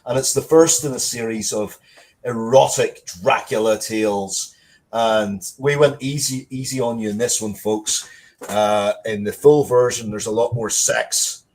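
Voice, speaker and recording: A man's voice: mid-range voice, fairly even intonation, a little slow, a little mellow. A man producing an audio drama, chatting casually and rambling, stopping often with fillers and restarts. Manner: rambling, hesitant, with many fillers. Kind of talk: casual live-stream chat.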